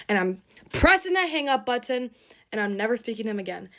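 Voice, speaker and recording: A woman's voice: medium pitch, lively intonation, a little fast. A young woman telling a rambling, emotional get-ready-with-me storytime, swearing freely. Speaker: storytime creator.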